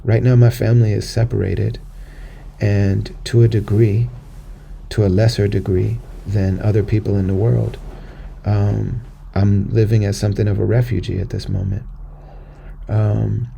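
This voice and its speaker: An American man talks through a personal story on his podcast, earnest and conversational, circling back over his words. His voice is low, dark and mellow, with a heavy gravelly fry. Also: flat delivery, unhurried, a little hiss or hum. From United States. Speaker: podcast host. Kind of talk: personal monologue.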